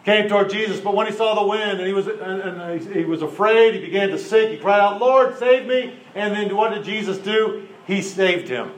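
Man, informal pastor, higher voice, animated storyteller, recorded with room echo. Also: brisk, hardly any pauses, slight background noise. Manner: animated, laughing, acts out quotes. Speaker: pastor leading a group exercise. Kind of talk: informal sermon with group participation. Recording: roomy echo.

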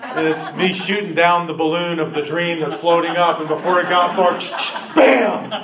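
Man, informal pastor, higher voice, animated storyteller, recorded with room echo. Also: moderate pace, crowd noise. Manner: animated, laughing, acts out quotes. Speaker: pastor leading a group exercise. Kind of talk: informal sermon with group participation. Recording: roomy echo.

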